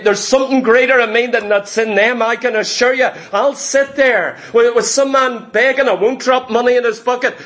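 A man preaching a sermon with forceful, emphatic delivery and repeated phrases. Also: extremely high pitch.

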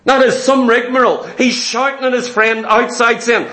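A man's voice: very high voice, steady tone, moderate pace, sharp tone, reverberant. A man preaching a sermon, emphatic and vivid, repeating his key points and telling stories.

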